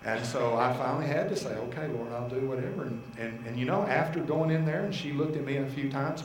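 A male pastor preaching a sermon, telling personal stories with animated asides and quoted dialogue. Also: mid-range voice, fairly quick, few pauses, echoey room, slight background noise, rough recording. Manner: animated storytelling, voicing God and his wife in asides.

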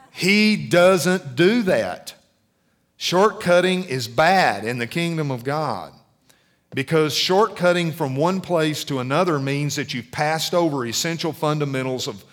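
A middle-aged pastor delivers a sermon in a relaxed, conversational way, his voice fairly bright and somewhat high for a man. He keeps engaging the congregation by asking them questions.

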